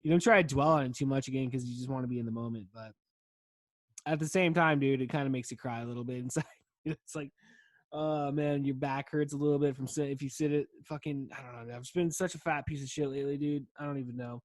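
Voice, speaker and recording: A man's voice: medium pitch, fairly even intonation, fast talker, dry recording, studio quality. A man in his thirties hosting a podcast, rambling casually while stoned, laid-back and profane, saying "dude" all the time. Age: 30s. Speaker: podcast host.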